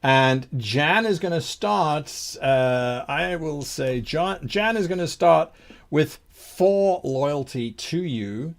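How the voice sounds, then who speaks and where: A man running a tabletop game as game master, narrating in an unhurried way with the odd chuckle. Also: fairly high pitch, animated, creaky.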